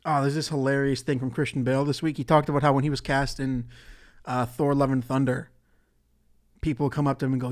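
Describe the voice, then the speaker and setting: A man's voice: medium pitch, little pitch movement, quick pace. A man hosting a solo podcast in a casual, rambling way, swearing and laughing often. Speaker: podcast host.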